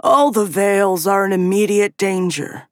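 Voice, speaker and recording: A woman voicing a soft, young, petulant male councillor who speaks insistently. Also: medium pitch, lively intonation, a little slow, dry recording, studio quality.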